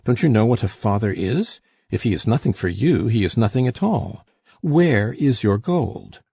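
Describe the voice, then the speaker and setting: A man reading the part of a domineering, miserly old father who coaxes his daughter and flares into rage, in a gravelly, husky voice. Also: on the low side, expressive, normal speed, dark tone, dry recording, studio quality, heavily acted. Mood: angry. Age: older. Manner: wheedling then furious. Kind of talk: audiobook character reading.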